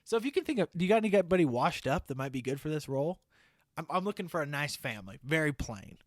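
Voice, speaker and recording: A man on a podcast pitching a movie idea like a comic storyteller, checking in with "okay?" after almost every phrase. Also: big pitch swings, quick pace, no echo, clean studio sound. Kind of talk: casual comedic pitch.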